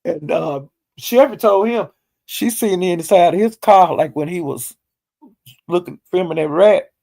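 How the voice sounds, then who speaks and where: Gravelly high-voiced man telling gossip. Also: a little slow. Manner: animated, laughs often, loose slangy talk. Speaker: vlogger recapping a livestream. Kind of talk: casual storytelling recap.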